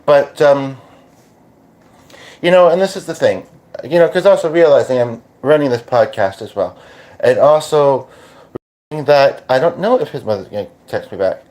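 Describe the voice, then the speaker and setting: A Canadian man hosting a podcast as a medium, talking casually and haltingly with many restarts. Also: mid-range voice, a little mellow. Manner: hesitant, full of restarts and fillers. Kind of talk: casual channeling monologue.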